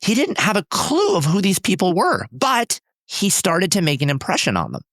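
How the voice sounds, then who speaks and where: A man's voice: high-pitched, huge pitch swings, normal speed, fairly bright tone, no room sound, clean studio sound. A man, a company founder, telling personal stories in an interview in an intense, emphatic, driven way. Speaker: startup founder and CEO, podcast guest.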